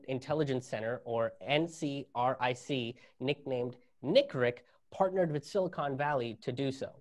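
A man's voice: medium pitch, a little mellow. A man doing a stand-up comedy set, sarcastic and laughing at his own jokes.

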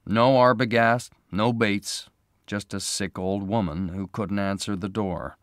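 A man's voice: lowish voice, steady tone, measured pace, no room sound, studio quality, lightly acted. A man voicing a concerned young man who speaks urgently and earnestly.

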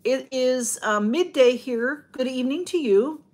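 A woman's voice: high-pitched, a little slow, a little mellow. A woman chatting on a livestream from home, rambling and greeting viewers by name as she reads their comments. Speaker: livestream host. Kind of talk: casual livestream chat.

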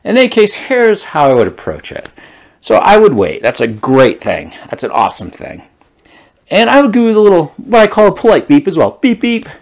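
A man's voice: sits high, wildly swooping pitch, normal speed, gravelly. A man from Rhode Island telling a playful story in a vlog. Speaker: vlogger.

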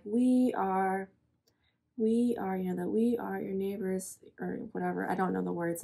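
A woman's voice: on the low side, vocal fry, slightly rough. A young woman hosting a casual reaction video, talking in an emotional, rambling way with lots of "um" and "literally".

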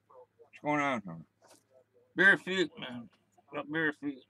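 An older man hosting a casual livestream, rambling and repeating himself, gruff and cursing mildly as he wanders between stories. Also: a little high, expressive, takes it slowly, pauses often, bright, forceful tone. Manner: repetitive, meandering, gruff with mild cursing. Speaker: livestream host. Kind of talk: rambling casual live chat.

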